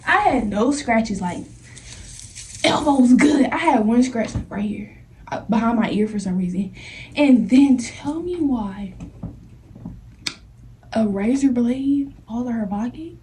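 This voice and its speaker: High-voiced young woman telling a story animatedly. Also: takes it slowly, long pauses, slight background noise. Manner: animated, acts out scenes, heavy slang. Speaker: vlogger. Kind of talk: casual storytime. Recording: echoey room, voice from a distance.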